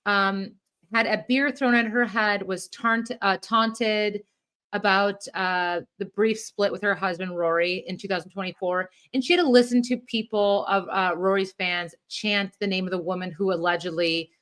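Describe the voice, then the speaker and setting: A woman co-hosting a sports podcast, chatting casually with quick, animated asides. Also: medium pitch. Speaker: podcast co-host. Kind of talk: casual chat.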